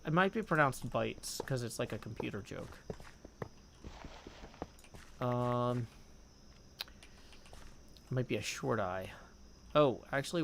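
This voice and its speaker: Guy rambling on his game stream, reads chat out loud, hums, mid pitch, faint hiss behind. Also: gravelly. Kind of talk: casual gaming livestream chat.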